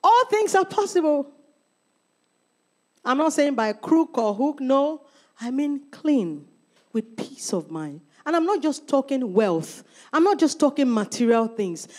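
A woman pastor delivers a sermon in a high voice. Her pitch rises and falls widely as she presses questions on the congregation. Her delivery is emphatic, and she calls out to listeners by name. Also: a little mellow.

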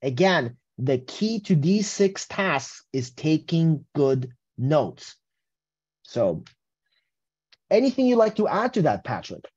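A man's voice: on the high side, very animated, slow pace, darkish tone, slightly rough, highs cut off. A man giving a casual test-prep webinar presentation, often tagging his points with "right?". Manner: casual, tags statements with "right?". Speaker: English test prep instructor.

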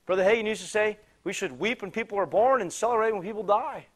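A man with a fairly high voice preaches from a church pulpit, telling a personal story. He talks in halting restarts and repeated phrases, and at times climbs into loud, emphatic cries. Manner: animated, many restarts, rising to loud exclamations. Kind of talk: sermon storytelling. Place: church sanctuary.

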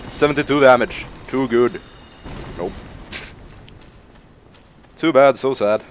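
A man's voice: mid-range voice, slow pace, slight background noise. A young man streaming a game, rambling through live commentary with lots of laughter and swearing. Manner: rambling, self-mocking, laughs and swears a lot. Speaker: gaming streamer.

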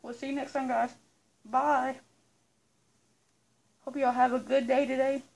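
A woman's voice: high-pitched, level tone, a little slow, a little mellow, slight background noise. A woman vlogger chatting casually to her viewers, rambling and repeating herself as she talks. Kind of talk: casual vlog chat to viewers.

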